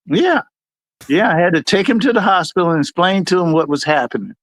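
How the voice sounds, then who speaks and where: A middle-aged American man hosting a livestream, telling service stories and acting out the people in them. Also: a little fast. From United States. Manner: animated, acts out quotes in a higher voice. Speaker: livestream host. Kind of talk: storytelling chat.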